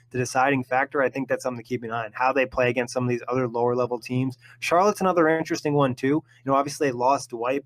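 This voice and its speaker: A man hosting a casual sports podcast, easygoing and quick to laugh. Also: mid-range voice. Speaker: podcast host.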